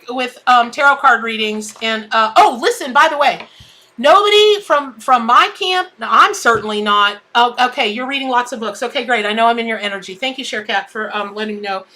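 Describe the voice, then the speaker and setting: A woman's voice: on the high side, pushed and bright. A woman hosting a live tarot stream, chatting in a bubbly way and greeting viewers by name. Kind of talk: casual live-stream chat.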